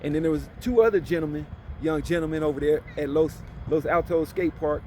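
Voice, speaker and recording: A man's voice: a little high, a little fast, slight background noise. A middle-aged man from Illinois telling a personal story in a loose, slangy vlog monologue, leaning on "you know what I'm saying". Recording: loud music under the voice. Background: loud music.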